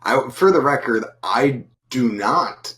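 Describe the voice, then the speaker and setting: A man's voice: mid-range voice, lively intonation, slow, a bit bright, low-quality recording. A man co-hosting a casual live stream, answering with short, mild exclamations and telling a brief spooky tale. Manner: reacts with mild exclamations like "oh my goodness". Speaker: podcast co-host.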